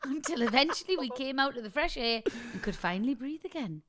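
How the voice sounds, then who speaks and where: A woman's voice: high voice, animated, brisk, fairly bright tone. A woman co-hosting a podcast in casual chat, telling stories and reading listener messages aloud. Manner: chatty storytelling, reads listener messages aloud. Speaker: podcast co-host.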